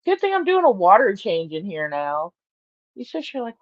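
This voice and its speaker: A woman's voice: medium pitch, wildly swooping pitch, moderate pace, no room sound, lo-fi sound. A woman hosting a casual morning livestream from her bedroom, rambling, laughing often and talking to her cat. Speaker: livestream host.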